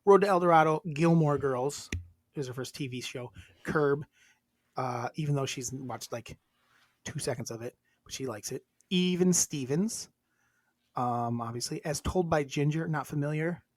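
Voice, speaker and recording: A woman's voice: very deep voice, measured pace, a little mellow, no room sound, studio quality. A woman co-hosting a podcast in casual chat, reading out lists and joking around. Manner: chatty, reads lists aloud, laughs and jokes. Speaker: podcast co-host.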